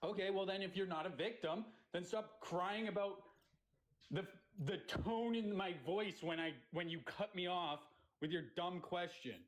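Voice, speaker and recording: A man's voice: high voice, moderate pace, rough recording. A man hosting a livestream who rants angrily and swears through a heated argument. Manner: angry, swearing, ranting. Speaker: livestream host.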